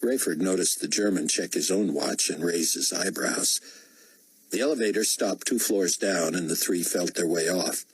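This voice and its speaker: A man reading an audiobook in steady, measured narration. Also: sits low, breathy edge, rough recording. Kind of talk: scripted narration.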